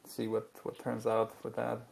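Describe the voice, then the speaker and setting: A man's voice: fairly low pitch, monotone, moderate pace, creaky, a little mellow. A man from Germany, a guest writer in casual chat, rambling with filler words and laughing at his own jokes.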